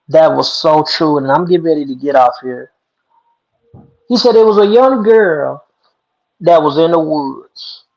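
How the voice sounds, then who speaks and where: A man hosting an online talk show, telling a folk story and preaching its moral in a folksy, emphatic way. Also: a little high. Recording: dull lo-fi sound.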